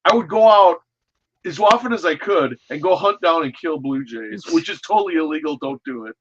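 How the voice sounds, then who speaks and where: A man from the American Midwest hosting a casual chat, telling a story in an animated, profane way on a dull lo-fi recording. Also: fairly high pitch, fairly quick.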